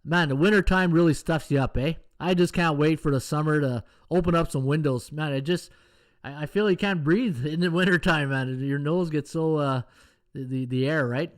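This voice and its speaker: A man's voice: fairly high pitch, normal speed. A middle-aged man, hosting a casual live-stream betting show, rambling and joking with chat viewers. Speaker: podcast host, sports handicapper.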